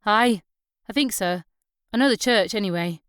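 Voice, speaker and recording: A woman's voice: mid-range voice, moderate pace, a bit bright, clean tone, no echo, studio quality, lightly acted. A woman voicing a friendly, shy young Northumbrian woman in an audiobook, with a Northumbrian accent. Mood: warm, shy.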